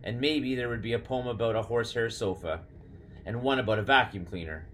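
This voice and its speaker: A man narrating an audiobook in a steady, measured storytelling manner. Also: mid-range voice, slight background noise. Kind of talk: scripted narration.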